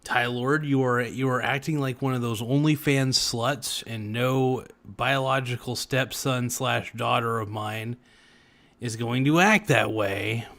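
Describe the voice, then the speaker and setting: A man putting on a ranting male conspiracy radio host, scolding in a slow, emphatic way. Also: mid-range voice, fairly even intonation, a bit bright.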